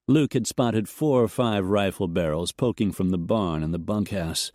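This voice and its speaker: Male audiobook narrator, low voice, lively intonation, dry close sound. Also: moderate pace, few pauses, dry recording.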